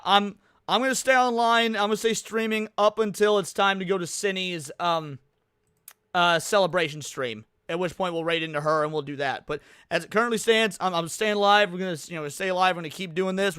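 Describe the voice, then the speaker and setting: A man with a fairly high, smooth voice hosts a live stream and talks off the cuff to his viewers. He rambles, restarts sentences and leans on fillers. The sound is dry and close to the mic. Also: a little fast, pushed and bright, no room sound. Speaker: livestream host. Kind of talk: casual live-stream chat.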